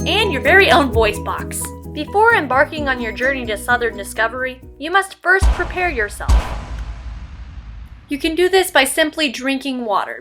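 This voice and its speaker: Upbeat high-voiced woman running a jokey how-to video, faint music behind. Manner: playful, upbeat, tongue-in-cheek. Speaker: tutorial host. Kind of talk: scripted comedic tutorial.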